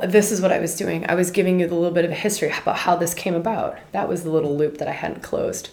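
A middle-aged woman hosting a podcast, teaching meditation in a chatty, animated way and laughing often. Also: fairly low pitch. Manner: animated, chatty, laughs often, scolds her puppy mid-talk. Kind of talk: casual spoken teaching. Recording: echoey room.

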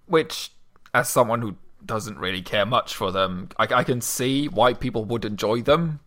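A man co-hosting a casual chat, hesitant with many fillers and repeats, breaking into animated bursts. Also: medium pitch, moderate pace.

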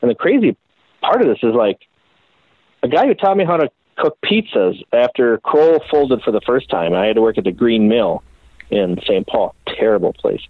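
A man's voice: medium pitch, animated, moderate pace, no room sound. A man from the Minneapolis area, a custom bike builder being interviewed, telling stories in a casual, profane, self-deprecating way. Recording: dry phone-like audio.

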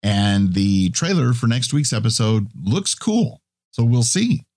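A man co-hosting a podcast in casual chat, with a relaxed, wry way of talking. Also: medium pitch, measured pace, dry recording, studio quality. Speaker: podcast co-host.

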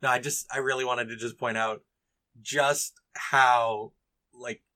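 A man's voice: mid-range voice, fairly even intonation, a little slow, sharp tone. A man co-hosting a casual book podcast, joking and laughing as he acts out scenes. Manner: laughing, playful, acts out characters. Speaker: podcast co-host. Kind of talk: casual book discussion chat.

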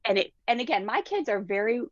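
A woman's voice: on the high side, fast talker, no room sound. A woman in her forties, a parenting coach, telling stories in a casual interview and acting out the quotes. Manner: animated, acts out quotes in different voices. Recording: dull dry lo-fi recording.

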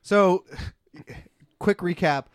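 A man with a high voice co-hosts a comedy podcast, trading crude banter. He swears freely and launches into mock-outraged rants. His voice sounds close and dry, with no room around it. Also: drawn-out words, smooth, dry recording. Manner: profane, incredulous mock rants. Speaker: podcast co-host.

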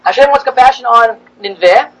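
A man, a rabbi, giving a classroom lecture, animated and rising in pitch as he acts out the prophets' complaints. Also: a little fast, slight background noise, rough recording.

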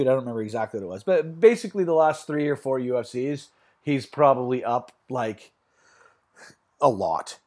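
A man hosts a casual sports-betting chat show. He rambles, restarts his sentences and leans on fillers, in a voice of ordinary middle pitch. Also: a little mellow. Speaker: podcast host.

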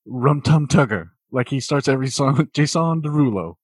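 A man co-hosting a casual comedic film review, delivering wry deadpan jokes and laughing often. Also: mid-range voice, normal speed, breathy edge, no echo, studio quality. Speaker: podcast co-host.

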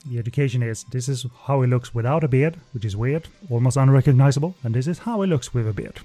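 Man, podcast host, casual chat, warm tone, dry close mic. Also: medium pitch, quick pace, no echo, soft background music. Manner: relaxed, hesitant with many fillers.

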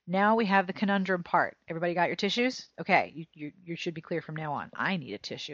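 A woman hosting a podcast, reading listener mail aloud in a casual, expressive way and swearing now and then. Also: lowish voice, fast, hardly any pauses, no room sound. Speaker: podcast host. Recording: dry, slightly dull lo-fi sound.

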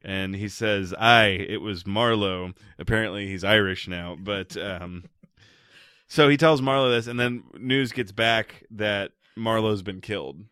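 A man's voice: lowish voice, unhurried, sharp tone, clear, resonant tone, dry recording, clean studio sound. A man co-hosting a podcast, recapping a movie's plot in casual, profane, joking chat. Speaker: podcast co-host.

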